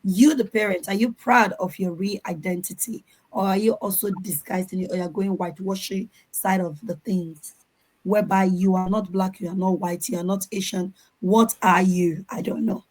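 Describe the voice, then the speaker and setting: A woman answering audience questions on a video call panel, lively and acting out the voices she quotes. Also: medium pitch, moderate pace, low-quality recording. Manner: animated, acts out quoted voices.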